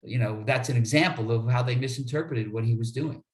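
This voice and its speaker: A man's voice: mid-range voice, a little fast, echoey room. A man, an attorney being interviewed, telling stories in an earnest way and often repeating words as he starts a sentence. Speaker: attorney guest. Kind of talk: interview storytelling.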